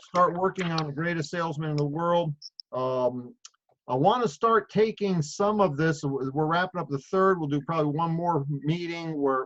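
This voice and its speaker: A middle-aged man leading a group call with a casual, rambling, storytelling way of talking and many fillers. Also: fairly high pitch. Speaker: leader of a sales group call. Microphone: phone or video call. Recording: muffled call audio.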